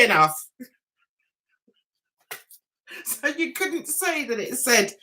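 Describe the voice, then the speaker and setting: Middle-aged woman, livestream host, high and lively, bright tone, giggly and chatty. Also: slow, pauses often. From England. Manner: giggly, chatty storyteller, laughs often. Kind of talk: casual livestream chat.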